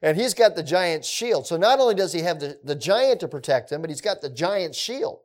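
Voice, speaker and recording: A man teaching through a scripture passage in a conversational way, with relaxed asides. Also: a little high, normal speed.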